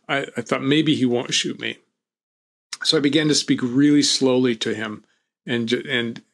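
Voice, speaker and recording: A man telling his own story as an interview guest, reflective and calm with a wry humor. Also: medium pitch. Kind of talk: personal storytelling.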